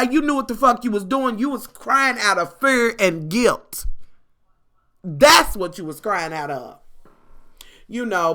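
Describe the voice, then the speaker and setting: A woman's voice: on the high side, pushed and bright. A woman vlogger giving a blunt, profane, sassy rant about a reality show. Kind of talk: casual rant.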